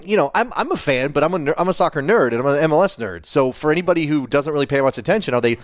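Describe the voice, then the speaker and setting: Halting, laughing man, podcast co-host. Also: fairly high pitch, animated, no room sound, clean studio sound. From Virginia. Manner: halting, repeats phrases, frequent laughs. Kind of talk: casual chat.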